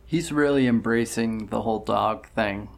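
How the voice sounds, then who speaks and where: A man's voice: lowish voice, normal speed, creaky. A man co-hosting a casual podcast, dropping wry comments and laughing at his partner's story. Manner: wry interjecting remarks with frequent laughs. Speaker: podcast co-host. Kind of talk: casual chat.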